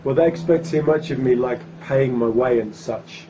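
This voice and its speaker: A man's voice: mid-range voice, normal speed, background noise. A man chatting casually in a studio, with a dry, offhand, joking manner. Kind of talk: casual chat. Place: music studio.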